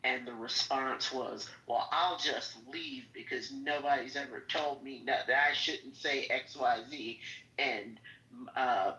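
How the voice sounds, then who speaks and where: Slow man, dull distant audio. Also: medium pitch, bright, forceful tone. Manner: slow, hesitant. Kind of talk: casual chat. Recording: dull, roomy audio from far off.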